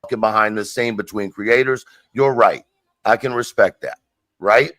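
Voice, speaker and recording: A man's voice: fairly low pitch, normal speed, a bit bright. A man in a played clip from a livestream, arguing in an agitated, defensive way and repeating himself. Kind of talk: heated live-stream argument.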